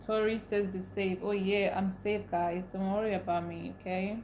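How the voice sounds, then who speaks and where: A woman's voice: medium pitch, level tone, moderate pace, a little mellow, roomy sound, slight background noise, rough recording. A young woman from Nigeria hosting a casual livestream, reading viewers' comments aloud and greeting them by name. She speaks emotionally, ranting about how upset she is. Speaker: livestream host. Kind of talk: casual live-stream chat, reading comments.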